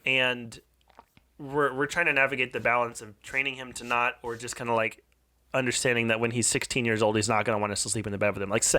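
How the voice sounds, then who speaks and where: A man in his thirties, a podcast co-host, telling a personal parenting story in an earnest, confessional way, with restarts and soft, quiet stretches. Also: mid-range voice, flat delivery, quick pace, dry recording.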